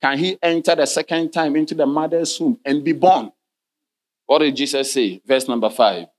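A male pastor preaching in church, his voice sitting a little high for a man. He reads scripture in archaic King James wording and keeps calling "Hallelujah" and asking his listeners questions. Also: moderate pace. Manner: preaching, punctuated by frequent "Hallelujah" and direct questions to the congregation. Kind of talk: sermon.

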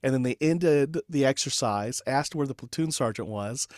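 Guy in his 40s telling a story on a podcast, medium pitch, chatty and animated, dry recording. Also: normal speed, no room sound. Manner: animated anecdote telling with laughs and filler words. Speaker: podcast guest, leadership consultant. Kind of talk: conversational storytelling.

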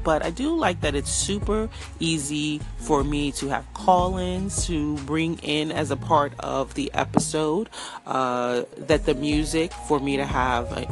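A woman leaving a voice message for a podcast, chatty and hesitant with fillers. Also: low-pitched. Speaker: caller.

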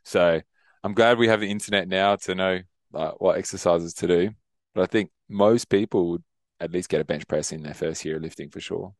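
A man's voice: low-pitched, brisk, no echo, clean studio sound. A young man co-hosting a podcast, rambling through stories, laughing often and swearing casually. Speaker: podcast co-host. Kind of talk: casual chat.

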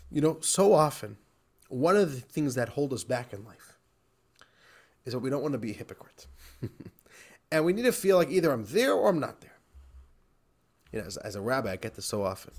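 Lively rabbi teaching, animated man. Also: mid-range voice. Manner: animated, laughs often, repeats for emphasis. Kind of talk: lively recorded class.

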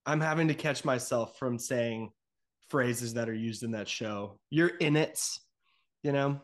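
A man's voice: medium pitch, measured pace. A young man co-hosting a casual podcast, easygoing and joking in his banter. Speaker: podcast co-host. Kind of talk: casual chat.

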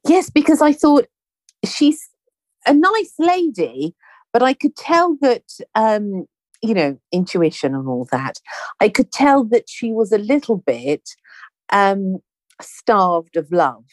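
A woman's voice: mid-range voice, takes it slowly, no room sound. A woman telling a story in casual chat, acting out the dialogue as she goes. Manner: animated storyteller, acts out quoted dialogue.

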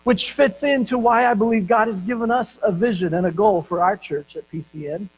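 A man preaching a sermon as pastor, telling stories and slowing down to stress key words. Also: high voice, poor audio.

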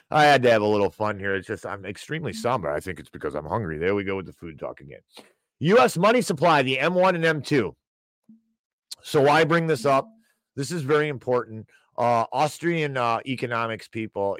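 A man's voice: on the low side, no echo. A man hosting a broadcast, ranting and wisecracking in casual, rambling commentary. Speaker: show host.

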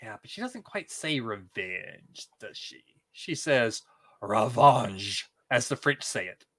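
A man co-hosting a podcast in casual chat, animated and laughing often. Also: measured pace, no echo. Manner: animated, laughs often, quotes in high put-on voices. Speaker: podcast co-host.

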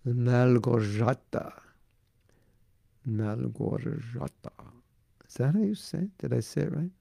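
A man's voice: on the high side, expressive, fast talker, gravelly, mellow, husky, dry recording, studio quality. A man giving a devotional talk as a spiritual teacher, earnest and repetitive, often saying "you know", then taking viewer questions.

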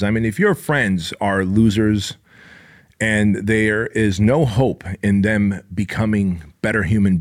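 A man in his forties hosting his own podcast, delivering a blunt, profane motivational monologue with lots of emphasis. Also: lowish voice. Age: 40s. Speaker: podcast host.

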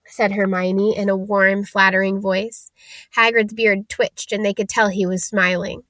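A woman narrating a storybook aloud in a steady, plain reading manner. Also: medium pitch, measured pace, no room sound.

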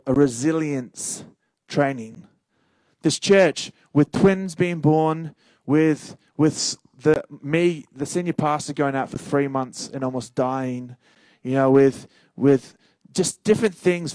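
A young adult man, a senior pastor preaching a sermon in an animated way, repeating key phrases and joking with the congregation. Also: a little high, a little slow, no echo, rough recording.

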